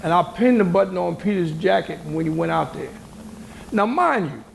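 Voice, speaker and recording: Telling a story at moderate speed, an older man from the United States with a high, gravelly voice sits as a panel guest in a university hall's moderated discussion. His manner is lively, emphatic and colloquial, and he acts out what other people said. The hall sounds roomy, and there is slight background noise.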